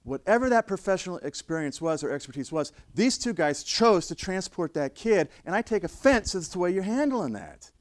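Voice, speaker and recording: Brief: middle-aged male trainer, blunt and conversational, lively pitch, dry close sound. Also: fairly quick, hardly any pauses, no echo. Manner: blunt, conversational, acts out quoted voices. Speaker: trainer of emergency responders. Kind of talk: classroom lecture with stories.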